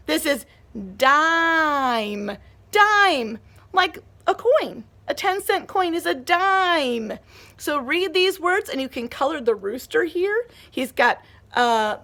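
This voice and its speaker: A woman teacher giving a remote lesson to young children, speaking in a gentle, encouraging, sing-song way. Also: sits high.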